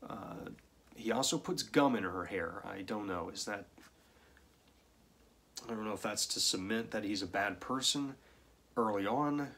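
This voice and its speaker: A man talks through a film's plot in a casual review, pausing for dry, sardonic asides. His voice sits a little low, and he speaks slowly and deliberately. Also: a bit bright, slightly rough. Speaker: film reviewer.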